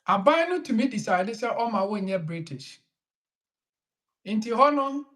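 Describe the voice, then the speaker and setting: A man, a lawyer who explains immigration rules slowly and mixes English legal terms into his Twi. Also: high voice, a bit bright. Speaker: lawyer answering questions. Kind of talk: explanatory talk in a live online session.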